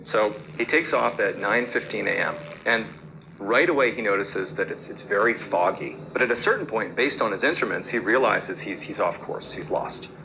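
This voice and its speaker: A man's voice: fairly low pitch, expressive, normal speed, background noise. A man hosting a podcast, telling a story casually and conversationally, with fillers and repeated words. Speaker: podcast host.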